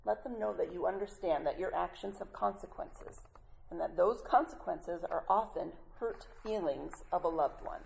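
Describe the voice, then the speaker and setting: A woman with a low, heavily gravelly voice leads a women's Bible study, talking to the group as ladies. She chats through her points, laughs between them and fixes her own words mid-sentence, with a faint hum of noise behind her. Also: moderate pace, darkish tone, low-quality recording. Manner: corrects herself mid-sentence. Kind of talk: Bible study teaching talk.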